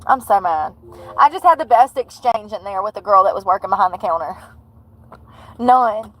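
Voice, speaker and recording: A woman's voice: mid-range voice, expressive, normal speed, a bit bright, poor audio. A woman from North Carolina with a country twang, chatting to viewers on a live stream and telling a story from her day. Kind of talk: casual live-stream chat.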